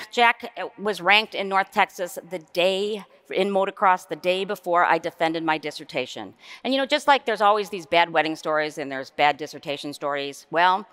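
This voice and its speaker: A middle-aged nurse researcher giving a plenary conference lecture. She speaks in a conversational, wry way and often jumps up in pitch for emphasis. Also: brisk, fairly bright tone, clear, resonant tone.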